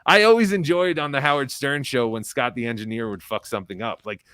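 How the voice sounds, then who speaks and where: A man's voice: mid-range voice, a little fast, pushed and bright, clear, resonant tone, dry recording, clean studio sound. Rambling, foul-mouthed male comedian guest. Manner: rambling, profane storyteller. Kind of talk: casual live-stream interview.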